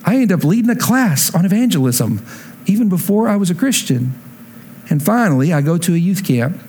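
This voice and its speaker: A man preaching a sermon to a congregation, telling his own conversion story and climbing to emphatic peaks before dropping low and slow. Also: sing-song, warm tone, a little hiss or hum. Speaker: pastor. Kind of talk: sermon with personal testimony. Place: church sanctuary before a congregation.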